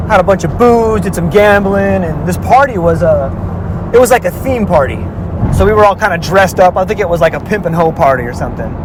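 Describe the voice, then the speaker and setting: A man's voice: high voice, animated, brisk, noisy background. A man casually telling a personal story, rambling with lots of filler words and restarts.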